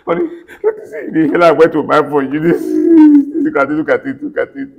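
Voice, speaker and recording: A sobbing husband in grief. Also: male voice, a little high, huge pitch swings, a little fast, gravelly, darkish tone, dull audio, heavily acted. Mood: grieving. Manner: pleading, wailing, sobbing grief. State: crying. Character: grieving husband finding his wife collapsed. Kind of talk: dramatic acting.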